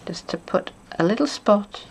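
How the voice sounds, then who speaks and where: Gravelly-voiced woman chatting through a craft. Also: mid-range voice, expressive, normal speed, darkish tone, slight background noise. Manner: chatty, thinks aloud, playful asides. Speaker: papercraft demonstrator. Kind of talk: casual craft tutorial.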